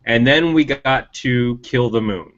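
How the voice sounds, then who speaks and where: A man's voice: unhurried, a bit bright. Male co-host with firm TV opinions, emphatic delivery, slightly muffled recording. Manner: opinionated, ranting, rising emphatic pitch. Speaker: podcast co-host. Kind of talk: casual chat about TV. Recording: dull lo-fi sound.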